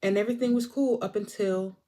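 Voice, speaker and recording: A woman casually recapping a film's plot for a vlog, animated and acting out the characters' lines. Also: medium pitch, fast talker. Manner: animated storyteller, acts out the characters. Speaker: movie reviewer.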